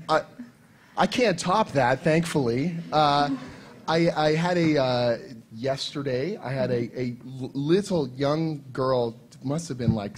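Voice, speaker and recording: A man's voice: fairly high pitch, a little hiss or hum. A man sharing wry, joking stories on a convention panel, sometimes with casual swearing. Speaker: comic writer and panel co-host. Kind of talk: casual storytelling.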